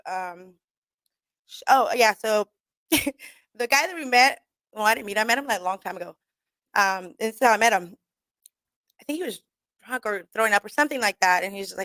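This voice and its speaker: On her radio show, a young comedian tells rambling stories at normal speed with long pauses, cursing and laughing as she quotes people. Her voice sits in an ordinary middle pitch with a fairly bright tone. The studio recording is close and dry, with no room sound.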